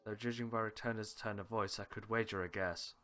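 Lower-voiced man reading a game aloud. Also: steady tone, brisk, bright, forceful tone. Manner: switches between characters, small laughs and asides. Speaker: let's play host reading a visual novel aloud.

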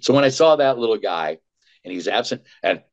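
A man with a fairly low voice tells showbiz stories in a chatty, animated way, full of quick asides. He is a voice actor speaking as a guest. The sound is dull and lo-fi. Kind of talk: casual storytelling.

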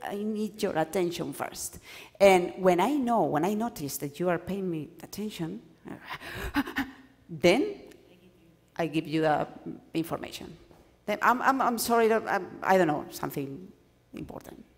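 A woman whose first language is Spanish gives a lively workshop lecture to doctoral students, acting out examples and often restarting her sentences. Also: lowish voice, unhurried, gravelly. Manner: animated, acts out examples, stumbles and restarts. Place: lecture hall. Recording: lecture hall with long reverb.

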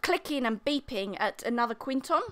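A woman dungeon master narrating a tabletop game in a chatty, lively way. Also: a little high, moderate pace. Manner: lively, chatty, laughs often.

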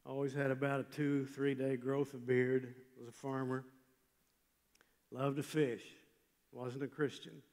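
An older man preaching a chapel sermon, telling a story with emphatic swings from loud passages to hushed ones. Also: mid-range voice, level tone, a little slow. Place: large chapel. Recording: long hall reverb.

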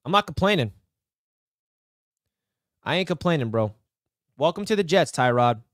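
Young male streamer, high voice, dry close sound, hyped and rambling to his chat. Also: lively intonation, normal speed, no room sound. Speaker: live stream host. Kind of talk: excited live-stream sports reaction.

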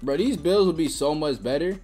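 A young woman giving live gameplay commentary, trash-talking with sudden excited yelps and shouts. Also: low-pitched, normal speed, over music. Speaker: gaming channel host.

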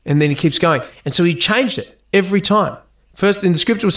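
An Australian man, a guest actor and musician, chatting casually in an interview, telling lively stories, laughing and swearing freely. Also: high-pitched, quick pace, hardly any pauses. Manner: animated storyteller, laughs often, swears casually.

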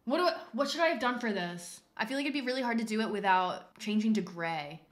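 A woman streaming a drawing game, chatting casually and excitably, rambling with lots of "like" and loud exclamations. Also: on the high side, fast talker, faint music behind. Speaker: livestreamer. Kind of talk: casual livestream chat while drawing. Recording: roomy echo.

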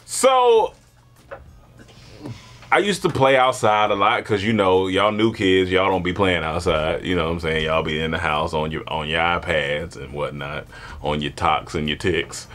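A man telling a comedic childhood story in casual chat, animated and laughing often, acting out voices. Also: deep voice, unhurried. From born in Germany, grew up partly in Panama.

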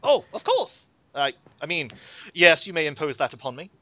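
A man's voice: fairly high pitch, very animated, normal speed, pushed and bright, pitched above the performer's own voice, heavily acted. A man voicing an eager young nobleman of about twenty who fumbles over-politely. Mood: flustered.

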